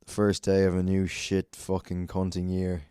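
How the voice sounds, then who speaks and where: A man's voice: deep voice, completely flat delivery, normal speed, mellow, smooth, dry recording, clean studio sound. An Irish man hosting a solo podcast, rambling and swearing a lot, self-mocking and a bit out of breath. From Ireland. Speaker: podcast host.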